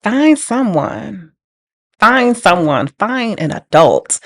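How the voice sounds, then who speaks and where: A woman's voice: mid-range voice, big pitch swings, takes it slowly, fairly bright tone, no echo, clean studio sound. A young woman telling her life story in a casual, emphatic way, repeating phrases for weight. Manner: casual, emphatic, repeats phrases, laughs through hard memories. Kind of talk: candid personal storytelling.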